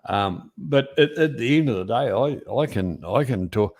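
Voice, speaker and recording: A man's voice: medium pitch, expressive, measured pace, a little mellow. A man co-hosting a livestream in casual chat, dry and teasing, swearing casually. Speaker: livestream co-host.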